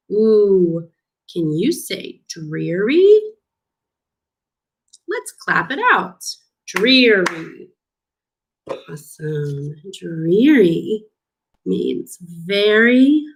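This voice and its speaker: A woman reading a picture book aloud to young children as a speech clinician, teaching new words in an encouraging teacher voice. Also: medium pitch. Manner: slow, sing-song, encouraging teacher talk with drawn-out words. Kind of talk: children's storybook read-aloud lesson.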